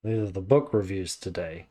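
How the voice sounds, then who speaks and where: A man's voice: sits low, lively intonation, moderate pace, warm tone, slight background noise. A man casually reviewing a book, reading the blurb aloud with stumbles, then rambling with many fillers and restarts while sounding mentally tired.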